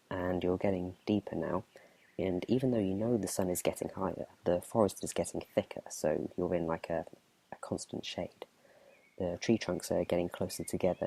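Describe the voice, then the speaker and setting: A man running a tabletop game as game master, narrating in a relaxed, chatty whispered role-play. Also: low voice, vocal fry, husky.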